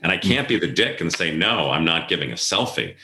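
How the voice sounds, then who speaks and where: A man's voice: sits low, very animated, fairly quick, bright, forceful tone, slight background noise. A middle-aged man, an event planner, telling stories in a casual interview and acting out the voices of people he quotes. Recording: echoey room.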